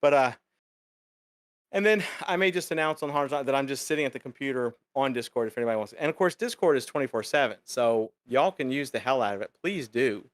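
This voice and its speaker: Male stream co-host, mid-pitched, loose and rambling delivery, dry room. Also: a little fast, dry recording. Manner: rambling, lots of fillers. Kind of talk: casual live chat.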